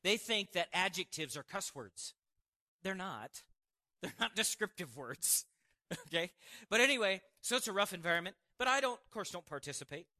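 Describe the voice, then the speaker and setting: A man preaching a sermon and telling a personal testimony, animated, with quick asides and frequent laughs. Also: high-pitched. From Montana, United States.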